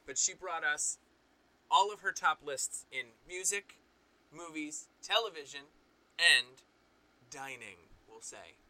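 A man's voice: fairly high pitch, animated, slow, bright, forceful tone, low-quality recording. A man co-hosting a podcast in casual chat, teasing and groaning at his co-host.

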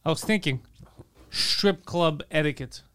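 High, clear-voiced man riffing jokes. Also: measured pace, fairly bright tone. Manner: riffing observational comedy, playful. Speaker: podcast co-host. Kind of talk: casual comedic chat.

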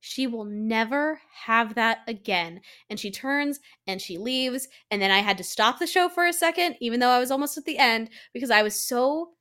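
A woman's voice: fairly high pitch, lively intonation, normal speed, hardly any pauses, a bit bright. A woman co-hosting a podcast in casual chat, emphatic and swearing freely as she recaps scenes. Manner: emphatic, swears freely, acts out characters' lines. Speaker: podcast co-host.

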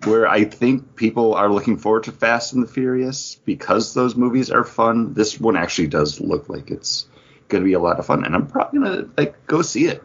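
Husky-voiced man chatting casually. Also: lowish voice, expressive, brisk, lo-fi sound. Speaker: podcast co-host. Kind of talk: casual chat.

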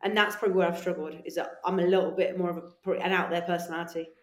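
A woman guest on a podcast, telling animated stories in casual chat, swearing freely and acting out her own voice. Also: lowish voice, very fast. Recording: echoey room.

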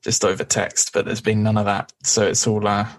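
A man's voice: fairly low pitch, level tone, fairly quick. A man co-hosting a casual podcast, recapping an episode with a chatty, easygoing manner and frequent laughs. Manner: chatty, laughs often, does brief voices. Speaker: podcast co-host.

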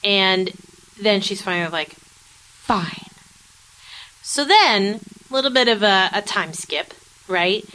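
A woman with a bright, forward tone chats through an episode recap as a podcast co-host. She talks animatedly, jumping between commentary and playful acted-out quotes. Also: medium pitch, unhurried, clear, resonant tone, poor audio. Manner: animated, chatty, acts out quotes of characters. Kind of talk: casual chat recapping a TV episode.

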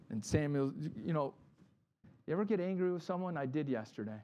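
A man's voice: on the high side, a little fast, slight background noise. A middle-aged man, a pastor, giving a conversational sermon and acting out the people in his stories. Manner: animated storytelling, acts out quotes.

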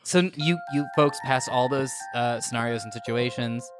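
A man's voice: medium pitch, normal speed. Man, game master, improvised tabletop, upbeat, hesitant fillers, music underneath. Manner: upbeat, hesitant with many ums.

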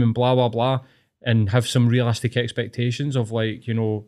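A man's voice: medium pitch, flat delivery, moderate pace, mellow. Blunt sweary Scottish man ranting. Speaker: podcast host. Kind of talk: casual podcast chat.

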